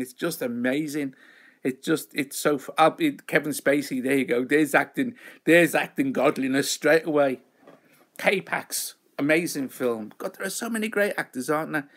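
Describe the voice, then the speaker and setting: A man hosting a live stream in a loose, rambling chat. He pokes fun at himself as he wanders from topic to topic. His voice sits a little high for a man. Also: a bit bright. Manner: rambling, chatty, self-mocking. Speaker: host of a live show.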